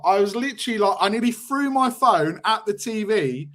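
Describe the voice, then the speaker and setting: Male guest fan, slightly higher voice, wry and self-deprecating. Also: lively intonation, normal speed, sharp tone. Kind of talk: casual chat.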